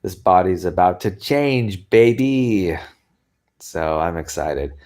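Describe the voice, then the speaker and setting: A vlogger chats casually to his camera in a deep, animated, unhurried voice with a slightly mellow quality. He rambles along in a friendly way, laughing and sighing often, and sounds tired, yawning from time to time.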